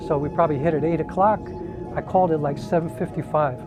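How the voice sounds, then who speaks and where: A man's voice: a little high, fairly even intonation, fast, music in the background. A man from the New York area, a singer, telling a personal family story in a conversational way, with frequent "um" and "like". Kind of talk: casual personal storytelling to camera.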